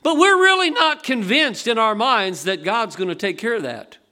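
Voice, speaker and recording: A man's voice: sits high, animated, normal speed, pushed and bright. An older man preaching a sermon in a folksy, conversational way, asking the congregation rhetorical questions. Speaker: pastor.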